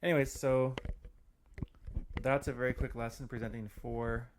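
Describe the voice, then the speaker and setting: A man's voice: mid-range voice, flat delivery, slight background noise. Chatty man teaching a language lesson. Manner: loose and chatty, many fillers and restarts, slows to spell out example phrases. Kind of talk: casual audio lesson.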